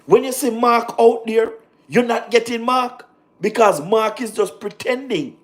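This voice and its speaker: Jamaican man, high-pitched voice, casual livestream political commentary, animated, repetitive. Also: a little slow. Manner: animated, repetitive, talks in patois with laughs.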